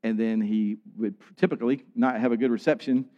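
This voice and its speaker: A man's voice: mid-range voice, steady tone, a little fast. A man preaching a sermon in an earnest way, building to emphatic peaks. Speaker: pastor. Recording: dull sound with long hall reverb.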